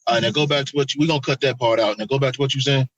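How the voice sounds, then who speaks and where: A man co-hosting a casual podcast chat, talking in an animated, profane way and acting out quotes. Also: mid-range voice, rapid-fire, no echo, lo-fi sound. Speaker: podcast co-host.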